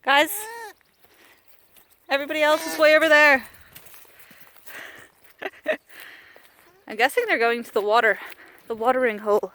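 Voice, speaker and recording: A woman's voice: high-pitched, normal speed, pauses often, a bit bright. A woman vlogging outdoors on a farm with alpacas, talking in a playful, theatrical way as she films with a handheld camera. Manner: playful, theatrical, mock-grand phrasing. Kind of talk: casual outdoor vlog commentary.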